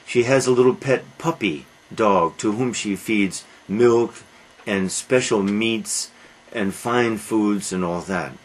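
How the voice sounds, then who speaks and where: Husky guy lecturing slow on old poetry, lots of uhs and "i don't think so". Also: lowish voice, poor audio. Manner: rhetorical questions answered with a flat no, frequent uhs. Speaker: literature lecturer. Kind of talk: classroom lecture.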